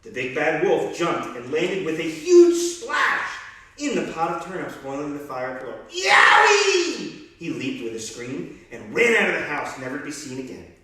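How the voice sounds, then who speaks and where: A police officer reading a children's story aloud, expressive and animated. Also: male voice, a little high, moderate pace, recorded from a distance. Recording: very echoey room, off-mic.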